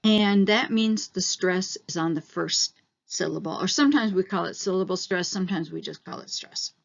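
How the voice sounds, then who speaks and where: A woman teacher explaining step by step in a recorded online lesson, slowing down on the key terms. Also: fairly low pitch, gravelly, muffled recording.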